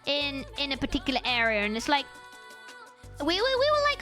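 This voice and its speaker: A woman streaming to her chat and telling an animated travel story, often breaking into giggles and restarting sentences. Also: high-pitched, fairly quick, long pauses, music in the background.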